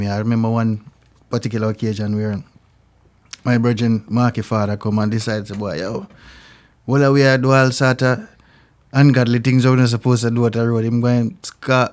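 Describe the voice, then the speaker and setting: A man's voice: mid-range voice, brisk, clean tone. Jamaican man telling street stories. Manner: animated, acts out voices in stories. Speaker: reggae singer guest. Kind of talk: casual storytelling interview.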